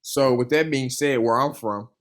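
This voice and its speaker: A man's voice: mid-range voice, fairly even intonation, normal speed. Young man telling his story casually. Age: young adult. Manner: loose storytelling, full of "you know" and "man"; earnest and enthusiastic. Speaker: funded trader, interview guest. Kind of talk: casual conversational interview.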